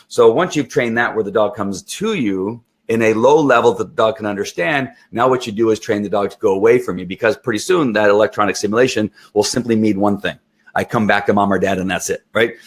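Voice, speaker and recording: A middle-aged man who trains dogs, giving an instructional talk in an animated way and acting out what the dog is thinking. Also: lowish voice. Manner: animated, acts out the dog's thoughts.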